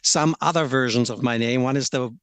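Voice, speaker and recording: A middle-aged man from Germany speaks English with a German accent and a gravelly, creaky texture. He is relaxed and reflective, dotting his answers with ums and soft chuckles. The sound is dry and close. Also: mid-range voice, fairly quick, no echo. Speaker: podcast guest. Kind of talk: casual interview.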